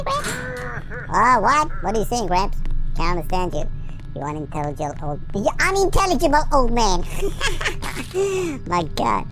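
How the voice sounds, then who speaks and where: A woman giving excitable, silly game commentary, shrieking and chanting sing-song nonsense rhymes. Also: mid-range voice, rough recording. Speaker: gaming video host. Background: loud game music.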